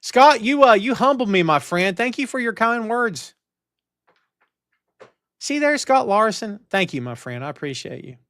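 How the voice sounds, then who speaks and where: Brief: middle-aged male stream host, fired-up casual chat, high voice, dry close mic. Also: normal speed, hardly any pauses, no room sound. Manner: animated, ranting, talks straight to the chat. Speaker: wrestling show host. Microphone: headphones and studio mic.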